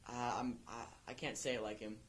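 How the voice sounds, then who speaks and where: A young man with a flat, brisk mid-range delivery co-hosts an amateur podcast, with slight background noise behind him. He chats casually and rambles, often restarting and using fillers.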